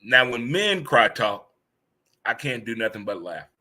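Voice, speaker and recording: A man's voice: medium pitch, big pitch swings, a little slow, bright, forceful tone. A man in his fifties hosting a casual live chat show, joking and laughing easily as he talks. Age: 50s. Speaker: host.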